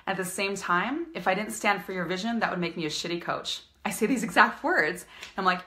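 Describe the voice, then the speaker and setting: A woman's voice: mid-range voice, quick pace, bright, forceful tone. A woman business coach giving an upbeat, emphatic live-streamed coaching talk, repeating her key phrases.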